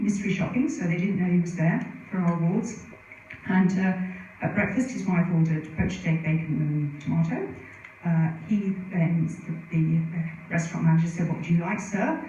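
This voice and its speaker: Her voice has a medium pitch and a dark tone as this middle-aged woman presents at a conference venue, sharing anecdotes in a chatty style with plenty of asides. It was captured at a distance in a very echoey hall, with slight background noise.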